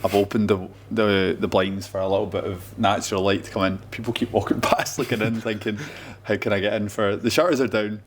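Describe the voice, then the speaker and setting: A man's voice: fairly low pitch, level tone, a little fast, few pauses, a little hiss or hum. A Scottish man co-hosting a football podcast in a pub, chatting loosely and laughing often. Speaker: podcast co-host. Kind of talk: casual pub chat. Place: pub, indoors.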